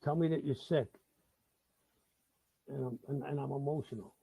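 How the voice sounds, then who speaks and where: A man's voice: medium pitch, normal speed, vocal fry, warm tone, breathy edge, no echo. A middle-aged man from the Bronx with a New York accent, hosting a live talk-show monologue, swearing freely and repeating himself in heated bursts. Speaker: host.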